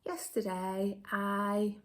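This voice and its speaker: An English woman teaching a remote phonics lesson to young children, upbeat and slow, stretching key words. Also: medium pitch, flat delivery. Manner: upbeat, slow and exaggerated for children, my turn your turn. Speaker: primary school teacher.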